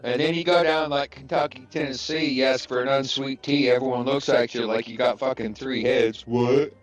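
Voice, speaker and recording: A man's voice: medium pitch, steady tone, faint music behind. A man from Illinois in a casual chat, agreeable and swearing now and then. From East Central Illinois, USA. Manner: agreeable, quick "right" replies, swears.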